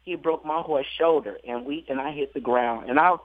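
A man's voice: mid-range voice, moderate pace, dry recording. Laughing man on a tinny phone line. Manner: laughing, animated storyteller acting out quotes. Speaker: jockey guest. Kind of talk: storytelling interview.

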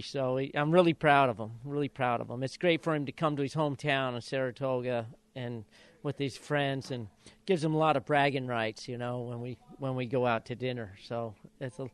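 A man's voice: mid-range voice, smooth, no room sound. An older man from Idaho, a retired jockey and father of jockeys, telling stories in a casual interview and acting out quotes with laughs. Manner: animated storyteller, acts out quotes with laughs.

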